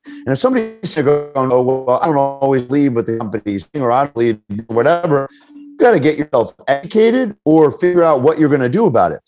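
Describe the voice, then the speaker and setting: Animated middle-aged man telling stories. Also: medium pitch. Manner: animated storyteller, acts out quoted people. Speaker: leadership speaker, guest. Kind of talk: podcast interview answers.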